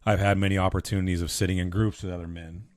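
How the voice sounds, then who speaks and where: A man's voice: deep voice, level tone, very fast, darkish tone, dry recording, clean studio sound. A man co-hosting a podcast who speaks in a heartfelt, earnest way and often repeats words as he restarts his sentences. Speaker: podcast co-host, husband and father. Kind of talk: casual podcast conversation.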